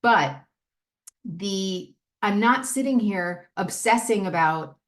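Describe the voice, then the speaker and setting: Candid, self-mocking woman leading a recovery study. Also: slow. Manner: animated, jumping into high mock-voices and dropping into low muttered asides. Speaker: recovery step study leader. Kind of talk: casual talk on a recovery text.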